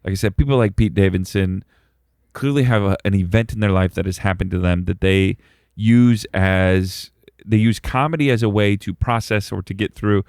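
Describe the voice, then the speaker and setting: A man's voice: on the low side, normal speed, a little mellow, clean tone, no echo, clean studio sound. A man co-hosting a podcast in casual chat, repeating words as he starts his thoughts. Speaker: podcast co-host.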